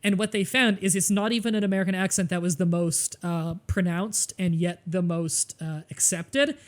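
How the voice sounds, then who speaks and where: A man's voice: sits high, normal speed. A young man with a Southern Ontario Canadian accent, chatting casually and laughing easily while he streams a game. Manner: chatty, lively, laughs easily, explains at length. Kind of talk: casual gaming commentary.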